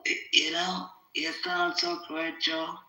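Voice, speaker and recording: A man's voice: fairly high pitch, little pitch movement, slow pace, pushed and bright. A man hosting a podcast in casual chat, rambling, swearing and emphatic. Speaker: podcast host. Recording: echoey room.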